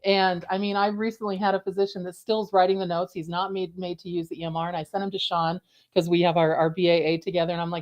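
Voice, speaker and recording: A middle-aged woman on a coding and compliance panel, telling stories in an animated way and laughing often. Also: on the low side, fast talker, highs cut off. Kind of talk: casual panel discussion.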